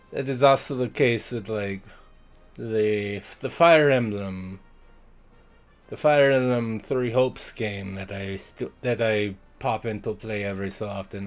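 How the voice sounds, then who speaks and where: A man streaming a video game, talking casually in a rambling way that keeps breaking off and restarting, and sometimes reading the game's lines in playful accents. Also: lowish voice. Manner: rambling, self-interrupting, trails off mid-thought; reads game dialogue aloud in playful put-on accents.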